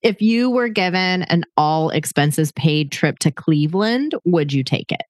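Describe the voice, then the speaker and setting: Lively playful woman podcast host. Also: lowish voice, a little slow, no room sound, studio quality. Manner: playful, laughs often. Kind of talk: casual chat between sisters.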